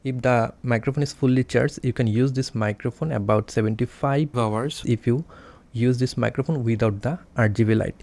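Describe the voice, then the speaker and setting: A man's voice: mid-range voice, steady tone, normal speed, gravelly, darkish tone. A man explaining a device step by step in a plain, careful way, with small grammar slips, recorded close on a desk mic indoors. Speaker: tech reviewer. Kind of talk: product review demonstration. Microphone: desk condenser mic, close up.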